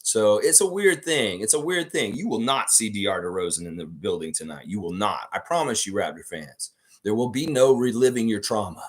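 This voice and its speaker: A man's voice: on the low side, lively intonation, moderate pace. A man hosting a live fan stream, reading chat aloud and talking casually, swearing often and repeating himself. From Canada. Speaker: fan show host.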